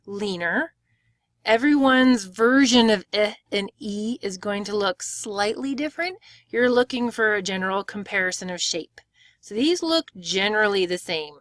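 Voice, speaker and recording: Clear woman teaching pronunciation. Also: mid-range voice, a bit bright, no echo, studio quality. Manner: clear, step-by-step explaining with demonstrated words. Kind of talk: screen-share tutorial.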